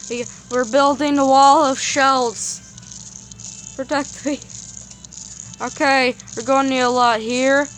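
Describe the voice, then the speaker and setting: Providing relaxed gameplay commentary, a woman with a high voice speaks slowly and stretches out her words. She's excitable, rambling and tripping over herself with repetitions when the game goes badly, then settling back into easy talk. Faint music can be heard in the background.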